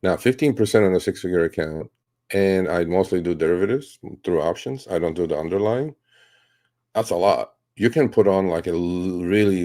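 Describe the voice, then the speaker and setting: Deep gravelly man, blunt trader talk. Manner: blunt, animated, swears and laughs. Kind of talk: casual talk answering a question.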